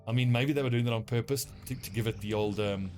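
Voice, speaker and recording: A man's voice: mid-range voice, fast, darkish tone, faint music behind. Rambling South African gamer guy. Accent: South African English. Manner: rambling, profane, self-mocking. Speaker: game streamer. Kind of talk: casual gameplay commentary.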